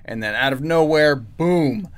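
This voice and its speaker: A man co-hosting a casual chat, summarizing a story in a steady way. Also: a little high, measured pace. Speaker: podcast co-host. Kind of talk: casual chat reviewing comics.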